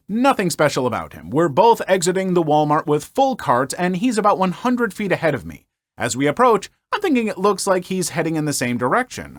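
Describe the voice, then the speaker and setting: A man narrating online stories in a wry, conversational way with an animated delivery. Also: a little high, no echo. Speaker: story narrator.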